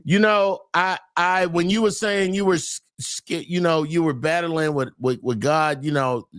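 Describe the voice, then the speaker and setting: A middle-aged man, a comedian guest, talking loud and animated, laughing through his stories. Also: fairly high pitch, unhurried, clean tone, no echo, studio quality. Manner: loud, talks over his own laughs, Southern Black church slang. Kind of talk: animated podcast chat.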